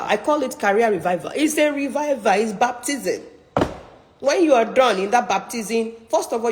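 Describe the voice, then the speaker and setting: A woman's voice: mid-range voice, darkish tone, big-room sound, poor audio. A middle-aged woman career coach giving an emphatic, persuasive online talk with a preacher-like drive.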